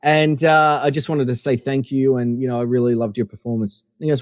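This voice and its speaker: A middle-aged man from Australia, a podcast guest telling animated anecdotes with lots of fillers and restarts. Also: medium pitch, fairly quick, dry recording, studio quality, in a large hall. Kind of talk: casual storytelling interview.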